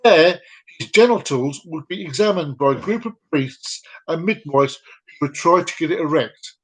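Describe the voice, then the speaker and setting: A man's voice: fairly high pitch, animated, moderate pace, husky. A man hosting a casual live-stream vlog, reading out fun facts in a rambling, jokey way and repeating himself. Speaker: vlog host.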